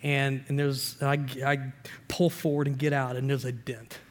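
A man preaching as a pastor, telling a personal story with lively shifts between loud and quiet and acting out the voices in it. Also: medium pitch, unhurried, big-room sound. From Indiana. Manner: animated storyteller, shifting loud and soft, acts out dialogue.

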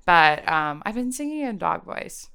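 A woman's voice: lowish voice, a little slow, gravelly, clear, resonant tone. A woman co-hosting a podcast in casual chat, playful and giggly, laughing often. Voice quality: giggly, animated. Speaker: podcast co-host.

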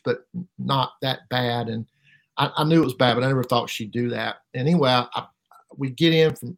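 A middle-aged man giving an emotional personal testimony as an interview guest, halting and repeating words, his voice rising sharply at painful moments. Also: mid-range voice. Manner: halting, repeats words, voice rises sharply when reliving pain.

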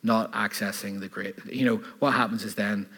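A man preaching a sermon in an animated style, asking rhetorical questions and adding laughing asides, in a church hall. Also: on the low side, moderate pace, slightly rough. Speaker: pastor.

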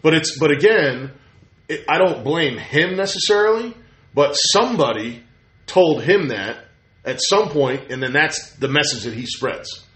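A man hosts a casual talk and tells stories with animated, acted-out quotes. His voice sits a little high. The room around him is echoey. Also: unhurried. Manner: animated storyteller, acts out quotes. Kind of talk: casual chat. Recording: roomy echo.

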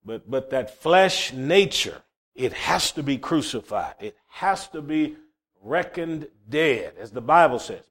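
A man's voice: medium pitch, lively intonation, slow pace. A man preaching a sermon, fervent and emphatic, often repeating words as he starts a phrase. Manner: fervent, rising to loud emphatic peaks.

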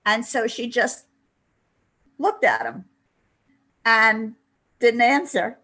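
Older woman, husky voice, chatty anecdotal guest. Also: fairly high pitch, slow, long pauses, fairly bright tone. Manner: chatty storytelling, many "you know" asides. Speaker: interview guest. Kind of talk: anecdotal interview.

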